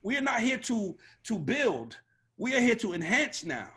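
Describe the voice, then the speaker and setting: A man speaking on a video call as an A&R panelist, blunt, profane and animated in a casual panel discussion. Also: extremely high pitch, normal speed, husky. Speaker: record label A&R panelist.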